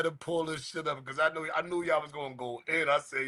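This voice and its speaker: A man's voice: a little high, steady tone, fast talker. Man laughing through livestream reactions. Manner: breaks into laughter constantly, loud repeated exclamations. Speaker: livestream host.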